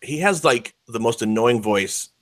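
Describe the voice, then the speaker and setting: Male co-host, mid-pitched, loose and rambling, curses freely in casual talk. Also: expressive, unhurried. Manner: rambling, swears freely, lots of fillers. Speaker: podcast co-host. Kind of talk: casual chat.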